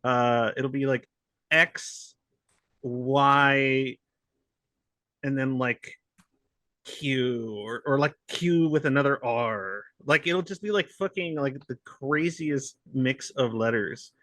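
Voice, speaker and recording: A man's voice: medium pitch, slow pace, pushed and bright, no room sound. A man co-hosting a casual podcast, rambling with lots of fillers, swearing and laughter. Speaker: podcast co-host.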